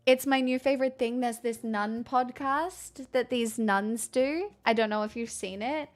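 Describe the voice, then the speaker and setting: A woman's voice: fairly high pitch, steady tone, normal speed, soft background music. A young woman streamer chatting casually and candidly with viewers, rambling and swearing freely. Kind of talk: casual chat answering viewer questions.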